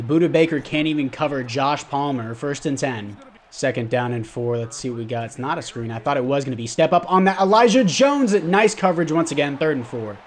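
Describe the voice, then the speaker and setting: A man's voice: a little high, slight background noise. A young man giving casual commentary over his football video game, narrating the plays and blaming himself for his mistakes. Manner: frustrated outbursts at mistakes, self-blaming. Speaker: gaming YouTuber.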